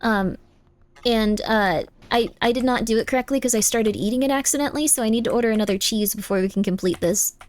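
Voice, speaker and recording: Young woman, game streamer, bright higher voice, chatty, repetitive, bursts of yelling. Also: fast. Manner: chatty, repeats phrases, bursts of exasperated yelling. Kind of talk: live game stream chat.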